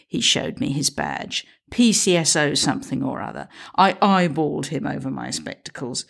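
A woman's voice: low-pitched, big pitch swings, normal speed, vocal fry, few pauses, husky. A woman narrating a comic story in a dry, wry way.

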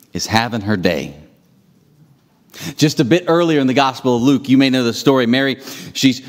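A male pastor preaching a sermon, telling stories with restarts and emphatic rising peaks. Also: medium pitch. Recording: hall reverb.

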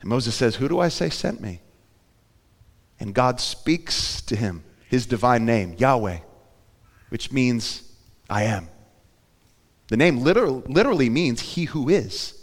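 A man's voice: mid-range voice, very animated, unhurried, long pauses. Man preaching in an echoing church. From Florida. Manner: conversational, asks the congregation questions, rises to loud emphatic peaks. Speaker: pastor. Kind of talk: sermon.

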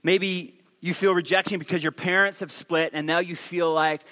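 Male pastor, 30s, animated storyteller, sharp bright tone, long hall reverb. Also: sits high, normal speed. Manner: animated storytelling, acts out quotes. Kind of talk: sermon.

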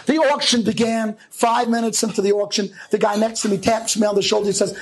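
High-voiced man telling a funny story. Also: fairly quick, hardly any pauses, low-quality recording. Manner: humorous, lively storyteller, often laughing. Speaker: rabbi. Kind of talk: storytelling monologue.

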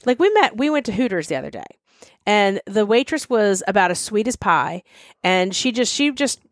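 A woman's voice: mid-range voice, sing-song, moderate pace, dry recording. Woman, Mid-Atlantic American accent, podcast co-host, casual emphatic chat, dry close sound. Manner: chatty and emphatic, addresses listeners as y'all.

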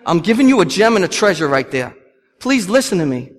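A man's voice: sits high, sing-song, brisk. A man, preaching a sermon with passion and repeating lines for emphasis. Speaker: pastor. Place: church. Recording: long hall reverb.

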